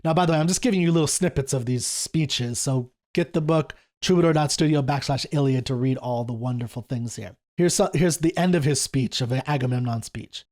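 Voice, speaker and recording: A middle-aged man hosting a casual lesson on an epic poem, reading quoted speeches slower and lower than his explaining. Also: darkish tone. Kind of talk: casual lecture with read-aloud quotes.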